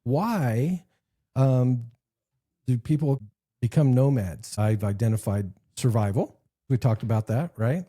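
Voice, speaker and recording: A man's voice: medium pitch, expressive, takes it slowly, dark tone, slightly rough. A man co-hosting a podcast, telling a rambling joke and leading casual chat. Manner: rambling storyteller, laughs at own jokes. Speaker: podcast co-host.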